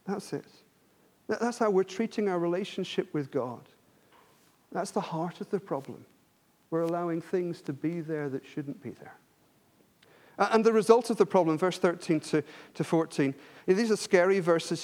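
High-voiced preacher, earnest sermon. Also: male voice, a little mellow. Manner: earnest, repetitive emphasis with frequent restarts.

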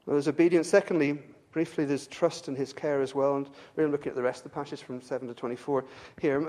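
A man's voice: fairly even intonation, fast, darkish tone. An English man preaching a sermon to his congregation, earnest, repeating words as he builds to his point. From England. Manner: earnest, repeats words when stirred, pitch rises with fervor. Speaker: pastor.

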